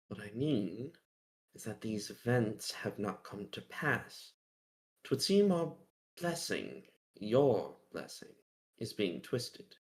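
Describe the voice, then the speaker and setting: A man voicing a sly, mysterious male keeper who speaks in a slow, breathy, riddling way. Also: fairly low pitch, very animated, full character voice. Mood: cryptic.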